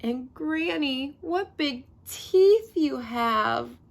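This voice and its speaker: A prim, innocent little girl with a lively, high voice, polite to everyone she meets, as a woman reads her in a storybook. Her voice rises and falls with a bright, sing-song lilt. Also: extremely slow, full character voice. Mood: sweet, innocent. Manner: prim, well-mannered. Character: sweet polite little girl in a red hood.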